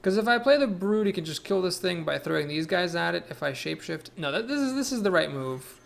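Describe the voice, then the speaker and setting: Casting: young adult man, gameplay commentator, gravelly, a bit high, thinks out loud, faint hiss behind. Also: lively intonation, fairly quick. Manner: thinks aloud, weighs plays, self-corrects. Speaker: streamer playing a card game.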